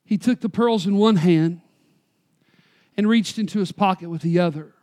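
A preacher telling a story in a sermon, folksy and conversational, swinging from loud emphasis to quiet, slow stresses on key words. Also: medium pitch.

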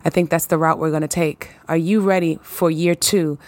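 Lively, playful woman podcast host. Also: deep voice, moderate pace, no echo. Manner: lively, playful, hype-building. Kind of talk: casual solo podcast talk.

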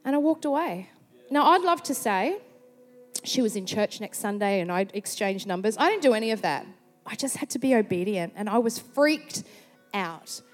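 A woman with an Australian accent preaching a sermon, telling a personal story in a chatty, animated way. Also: a little high. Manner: chatty, animated storyteller who slips into quoted voices. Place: large church hall. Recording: long hall reverb.

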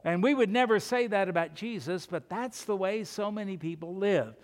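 A man with a high, light voice preaches a sermon, pressing his points with one rhetorical question after another. His words ring out with a long reverb, as in a church hall. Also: moderate pace, few pauses. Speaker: pastor.

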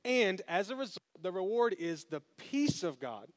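A man's voice: sits high, sing-song, moderate pace. A man preaching a sermon as pastor, telling a story with humor and speaking straight to his congregation. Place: church sanctuary.

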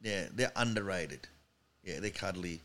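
A comedian telling animated stories as a podcast guest in a studio. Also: male voice, deep voice, unhurried, slight background noise. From Australia. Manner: animated anecdote teller. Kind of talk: storytelling in podcast chat.

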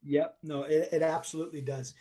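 High-voiced man explaining coaching. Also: level tone, fairly quick, mellow. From United States. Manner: emphatic teacherly explaining, asks if it makes sense. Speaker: guest, performance coach. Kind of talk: explanatory podcast interview.

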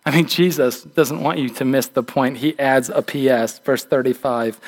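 A man's voice: mid-range voice, fairly even intonation, normal speed, hardly any pauses. A man, a pastor, preaching a conversational, emphatic sermon, often restarting his words.

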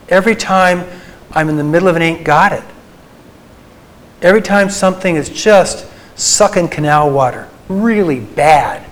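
Christian psychologist addressing a group; earnest, tender delivery, slightly higher male voice. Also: rough recording. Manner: earnest, tender, slows for emphasis. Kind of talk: faith talk to a live group.

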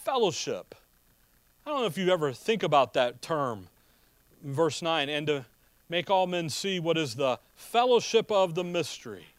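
A man's voice: on the high side, big pitch swings, normal speed, no room sound. A man preaching a sermon in a conversational way, asking rhetorical questions and telling personal stories with a chuckle. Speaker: pastor.

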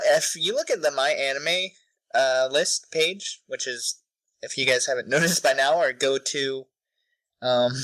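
A young man co-hosting a podcast, chatting casually with animated, incredulous reactions. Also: fairly high pitch, no room sound, poor audio. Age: young adult. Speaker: podcast co-host. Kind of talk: casual chat.

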